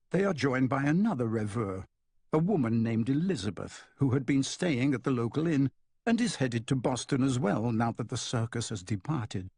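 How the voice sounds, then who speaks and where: A man reading a novel aloud in a calm, measured narration. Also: medium pitch, breathy edge, dry recording, studio quality. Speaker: audiobook narrator. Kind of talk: scripted narration.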